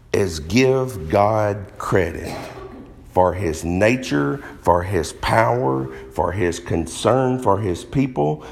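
Slow, gravelly-voiced man preaching a sermon. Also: fairly low pitch, a little mellow, long reverb tail.

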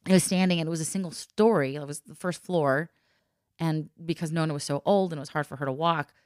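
A woman telling a personal story in casual chat, lively and laughing often as she acts out the voices of the people in it. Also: deep voice, quick pace, smooth, no room sound, studio quality.

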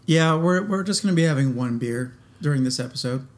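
A man's voice: on the high side, lively intonation, brisk. A man co-hosting a podcast in casual chat, easygoing and playful. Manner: easygoing, playful, laughs along. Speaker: podcast co-host.

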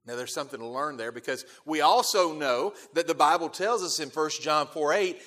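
A man preaching a sermon as pastor, emphatic, repeating key phrases and swelling loud on key words before dropping to quiet asides. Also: on the high side, expressive, fairly quick, few pauses. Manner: emphatic, repeats key phrases, quotes scripture in King James wording.

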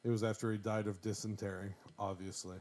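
A man's voice: on the low side, level tone, a little fast, darkish tone. A man in his thirties co-hosts a laid-back podcast conversation. He jokes freely and keeps slipping into goofy voices to act out bits. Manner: joking, jumps into goofy quoted voices. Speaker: podcast co-host. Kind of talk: casual chat.

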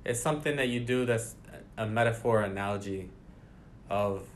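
A man's voice: fairly low pitch, moderate pace, a little hiss or hum. Man reading and explaining scripture. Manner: reads scripture aloud then explains it conversationally. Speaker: Bible study leader. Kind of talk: casual Bible study discussion.

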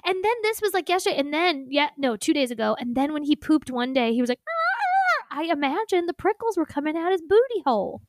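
A woman in casual chat, telling a rambling, excitable story full of "like". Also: sits high, fast talker, hardly any pauses, no room sound, clean studio sound.

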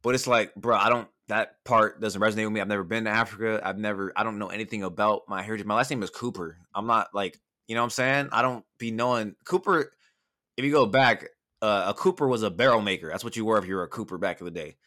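A young man from Southern California hosting a casual podcast chat, telling stories in a loose, profane, animated way. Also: lowish voice, fast.

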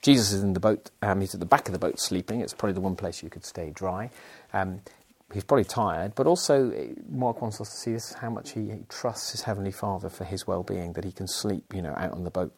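Deep husky-voiced man teaching scripture. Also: a little fast, hardly any pauses, darkish tone. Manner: earnest, explanatory, with frequent fillers and restarts. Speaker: pastor teaching a weekly Bible series. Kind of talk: sermon-style Bible teaching.

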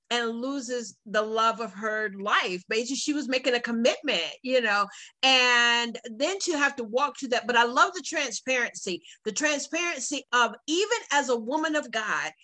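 A woman's voice: fairly high pitch, pushed and bright, rough recording. A woman hosting a live online book talk, emphatic and affirming as she introduces authors.

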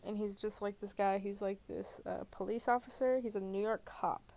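A woman chats about films alone in her bedroom, lying down as she talks. Her voice has a gravelly, creaky edge, and her thoughts wander through fillers and restarts. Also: mid-range voice, steady tone, normal speed, darkish tone. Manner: rambling, full of fillers and restarts. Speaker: movie reviewer. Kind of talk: rambling casual chat.

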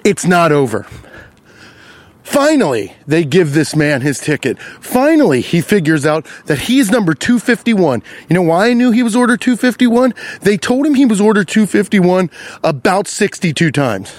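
A man telling a rambling comic story with a profane, animated delivery, breaking into loud high-pitched asides, recorded outdoors while walking beside a lake. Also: normal speed, no echo.

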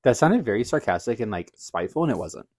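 A man's voice: medium pitch, big pitch swings, fast talker, darkish tone, slightly rough, no echo, studio quality. A man co-hosting a podcast in casual chat, reacting in a playful, teasing way. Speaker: podcast co-host.

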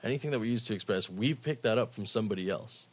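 A man's voice: fairly low pitch, quick pace, no echo. A man guesting on a casual chat, often stammering and repeating words, agreeable and laid back. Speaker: guest musician.

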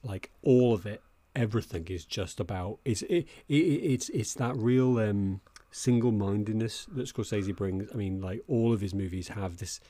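A man co-hosting a film podcast, talking with enthusiasm in a halting, restart-heavy way. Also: fairly low pitch, warm tone, no room sound. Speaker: podcast co-host. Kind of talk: casual film discussion.

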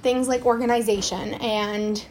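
A young woman, telling a lively story in a casual podcast chat. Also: a little high, slight background noise. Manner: animated storytelling, quick swings in loudness. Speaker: swim school owner, guest.

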